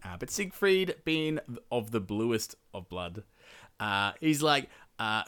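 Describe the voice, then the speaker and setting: A man's voice: mid-range voice, lively intonation, takes it slowly, fairly bright tone, smooth. A man hosting a podcast, retelling a medieval epic in a casual, profane, slangy way with laughing asides. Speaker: podcast host.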